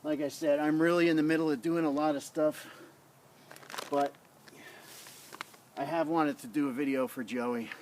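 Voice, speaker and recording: A man's voice: on the high side, darkish tone, slight background noise. A man casually reviewing a survival knife in his yard, talking in a rambling, blunt way into a tablet camera on a tripod. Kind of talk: casual outdoor demo vlog. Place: outdoors in a front yard.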